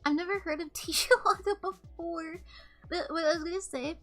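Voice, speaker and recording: High-voiced young woman rambling on stream. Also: steady tone, fast talker. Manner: rambling, candid storytelling with swearing. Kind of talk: casual livestream chat. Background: faint background music.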